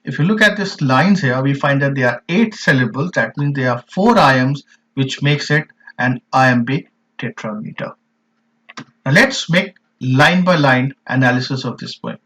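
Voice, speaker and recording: A man teaching a poetry lesson in an online class, explaining terms slowly and emphatically with repeated examples. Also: medium pitch, expressive, fairly bright tone. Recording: dull lo-fi recording.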